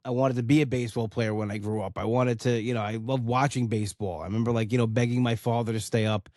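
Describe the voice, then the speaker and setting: A man's voice: mid-range voice, steady tone, fast talker, darkish tone, dry recording, studio quality. A man, hosting a casual solo podcast, talking in a rambling, heartfelt way with many "you know" fillers. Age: 40s. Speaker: podcast host.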